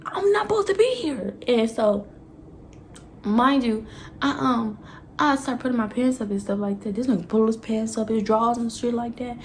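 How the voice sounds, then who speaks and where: A woman's voice: on the high side, animated, fairly quick, slight background noise. A young woman telling a candid, profane storytime on her vlog, laughing often and acting out what she said back then. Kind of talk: casual storytime.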